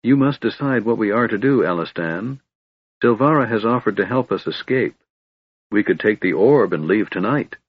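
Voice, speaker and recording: A man's voice: fairly low pitch, expressive, normal speed, husky, no echo. A man voicing an anxious young elf woman. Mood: pleading. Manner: anxious, pleading. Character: young elf woman, troubled reluctant leader. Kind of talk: audiobook reading. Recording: dull dry recording.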